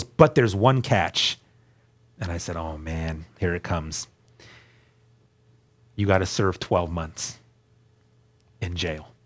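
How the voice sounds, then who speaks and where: A man giving an earnest personal testimony in a casual interview, acting out other people's words and often restarting his sentences. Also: deep voice. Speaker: interview guest.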